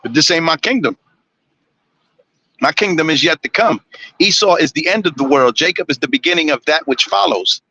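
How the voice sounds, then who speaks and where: Blunt, forceful man ranting on a stream. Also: on the high side, lively intonation, normal speed, poor audio. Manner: blunt, preachy, swears constantly. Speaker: live streamer. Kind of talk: profane ranting monologue.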